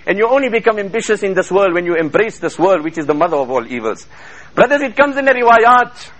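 A man preaching a fervent sermon to a congregation, quoting Arabic in rapid chanted bursts. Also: high-pitched, lively intonation, a bit bright, low-quality recording. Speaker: Islamic preacher.

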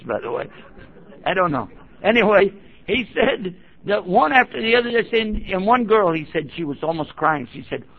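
A man's voice: high-pitched, very animated, moderate pace, vocal fry, slightly rough. A man preaching to a gathering, telling a story and acting out the quotes of the people in it. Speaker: Islamic preacher. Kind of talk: sermon-style storytelling. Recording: dull lo-fi recording.

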